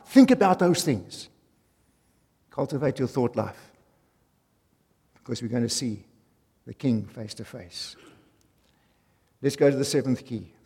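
A man preaching a sermon, emphatic, repeating key phrases and swinging from loud to soft. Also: mid-range voice, animated, measured pace, vocal fry, long pauses, breathy edge. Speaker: pastor. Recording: long hall reverb.

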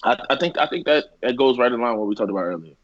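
A man's voice: medium pitch, expressive, very fast, dry recording, highs cut off. A man co-hosting a casual podcast, talking bluntly with slang and swearing, reacting in disbelief. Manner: blunt, profane, slangy, incredulous. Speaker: podcast co-host.

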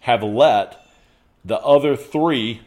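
A man's voice: medium pitch, slow pace, a little mellow. A man as a podcast guest in casual conversation, laying out his points in emphatic lists and checking in with "okay".

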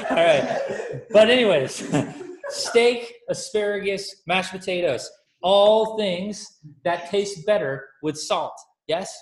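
A man's voice: sits high, lively intonation, measured pace. A man giving a casual, playful sermon that keeps asking the audience questions. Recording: echoey room.

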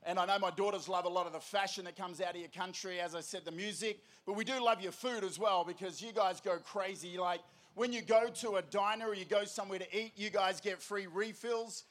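A man in his forties with an Australian accent, addressing a large festival crowd from the stage in an energetic, jokey call-and-response style, often shouting. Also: high-pitched, brisk, hardly any pauses. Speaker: festival speaker.

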